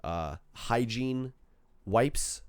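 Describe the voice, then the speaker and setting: A young man co-hosting a podcast, telling a story in casual chat, swearing and breaking into loud, laughing bursts. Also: mid-range voice, animated, extremely slow, smooth, no echo. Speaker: podcast co-host.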